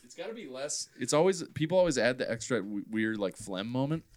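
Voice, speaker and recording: A man co-hosting a casual comedy podcast, trading quick wisecracks. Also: medium pitch, very animated, no room sound, studio quality. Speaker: podcast co-host.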